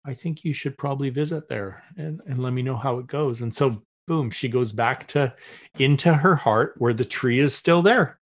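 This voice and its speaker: Speaking at normal speed in a mid-range voice, a middle-aged man chats as a podcast guest. He tells a story casually, performs the voices of those he quotes, and keeps starting over.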